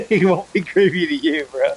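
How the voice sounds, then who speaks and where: A man's voice: on the high side, a little hiss or hum, rough recording. Young man laughing through casual chat. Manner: laughing, swearing, rambling with lots of fillers. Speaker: gamer.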